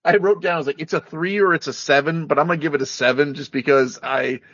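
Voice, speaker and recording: A husky man with a slightly raised pitch, rambling through a casual movie review with friends. He is jokey, and his talk is full of fillers. The sound is dry and a little dull, like a lo-fi recording. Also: steady tone, quick pace, a bit bright, no room sound. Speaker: podcast co-host.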